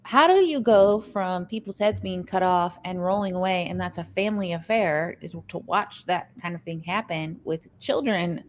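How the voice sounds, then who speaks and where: A woman co-hosting a casual livestream chat, talking in an animated way, reading viewer comments aloud and saying "like" often. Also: on the low side, moderate pace, few pauses, a little hiss or hum. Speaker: livestream co-host.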